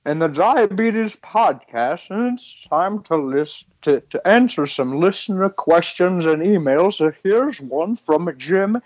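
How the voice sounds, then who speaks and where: A man voicing a pompous doctor who hosts a podcast and reads listener mail slowly and stiffly. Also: sits high, expressive, dry recording, dull audio, heavily acted. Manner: slow, stiff and offended. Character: pompous prissy male doctor hosting his own podcast.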